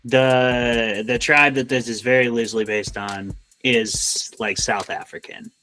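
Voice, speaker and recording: A man's voice: mid-range voice, steady tone, measured pace, bright, forceful tone. A man co-hosts a casual podcast in a mid-range voice. He jokes and rambles with lots of fillers and half-finished phrases. A faint bed of music sits under the talk. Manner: joking, rambling with many fillers. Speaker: podcast co-host.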